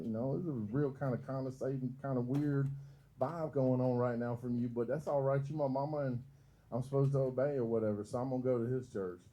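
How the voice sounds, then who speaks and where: Man, stand-up comic, young adult, profane, laughs at his own jokes, very dark mellow voice. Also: mid-range voice, fairly even intonation, a little fast, poor audio. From Georgia, US. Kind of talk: stand-up comedy set. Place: comedy club open mic.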